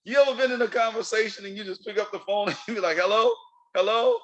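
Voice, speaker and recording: A man's voice: high-pitched, rapid-fire, a bit bright, lo-fi sound, faint music behind. A middle-aged man hosting his own podcast, talking casually and playfully and laughing often. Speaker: podcast host. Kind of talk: casual solo podcast monologue.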